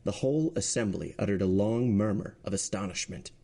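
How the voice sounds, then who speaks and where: A man reading a classic novel aloud with measured, dramatic narration. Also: fairly low pitch, creaky, dark tone. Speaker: podcast reader.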